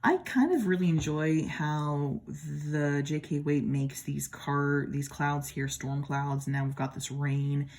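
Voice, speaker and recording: Midwestern lady talking tarot decks, mellow kinda gravelly voice, chatty and admiring. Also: low voice, slow pace, few pauses. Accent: American Midwestern. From American Midwest. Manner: chatty, admiring, with playful asides. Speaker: tarot deck reviewer. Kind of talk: casual deck comparison talk. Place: at home.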